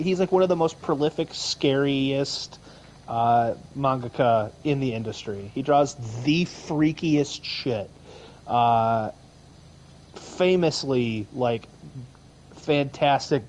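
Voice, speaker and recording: Man in his thirties, podcast co-host, rambling, mid-pitched voice. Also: slow pace, a little hiss or hum, poor audio. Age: 30s. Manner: rambling, lots of fillers and restarts. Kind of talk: casual chat.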